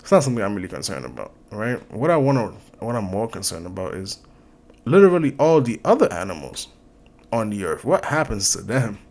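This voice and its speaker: A man's voice: lowish voice, very animated, vocal fry, darkish tone. A man hosting a reaction video, firing off incredulous questions in a casual commentary style. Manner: incredulous, rapid-fire questioning.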